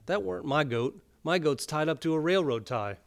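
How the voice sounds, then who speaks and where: A man's voice: a little high, expressive, normal speed, vocal fry. Man putting on a folksy drawling farmer. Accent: rural drawl. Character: rustic old male farmer, folksy.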